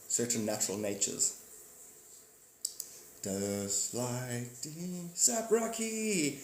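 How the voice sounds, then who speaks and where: Slow and a little mellow at a medium pitch, a man runs a laid-back live stream, rambling, cracking jokes and welcoming viewers by name. The recording has slight hiss or hum in an echoey room with faint ambience.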